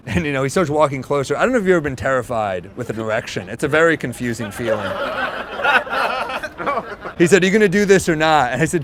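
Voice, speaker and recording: Animated male stand-up comic. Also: fairly high pitch. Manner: quick asides, acts out quoted voices. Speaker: stand-up comedian. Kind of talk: stand-up storytelling. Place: stage before a live audience. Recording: live show with crowd noise.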